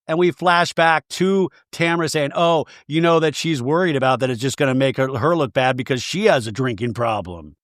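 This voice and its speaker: A man's voice: mid-range voice, moderate pace, few pauses, fairly bright tone, dry recording, studio quality. A man hosting a comedic recap podcast, sarcastic and mimicking quotes in exaggerated voices. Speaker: podcast host recapping a reality show.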